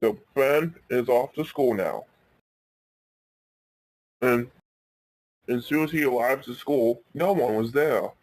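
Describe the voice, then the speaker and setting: A man's voice: medium pitch, slow, pauses often, a little mellow. A man casually improvising a cartoon story for his channel, rambling with frequent restarts. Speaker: YouTube storyteller.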